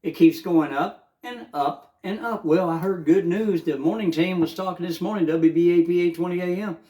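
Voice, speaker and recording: A man's voice: sits high, moderate pace, warm tone. An older man, rambling fervently in a casual morning monologue, with many filler uhs. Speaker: vlogger.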